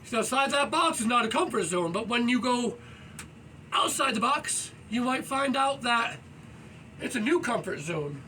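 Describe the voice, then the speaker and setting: His very high, bright voice turns sing-song at a normal pace as he loudly and energetically shares motivational thoughts, "you know" dropping in constantly. He stretches and moves at home beneath a low ceiling, sitting well back from the mic, and the rough recording has faint noise in the background.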